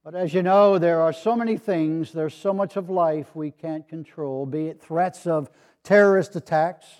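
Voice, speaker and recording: An older man, a retired pastor, preaching a sermon with gently humorous storytelling and voices for the people in his anecdotes. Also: fairly high pitch, moderate pace.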